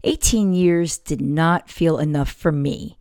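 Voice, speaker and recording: A woman in her forties hosts a parenting podcast, speaking candidly and warmly through a personal story. Her voice sits low, and the close microphone keeps the sound dry with no room around it. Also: slow, clean tone, no room sound. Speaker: podcast host. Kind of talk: casual heartfelt monologue.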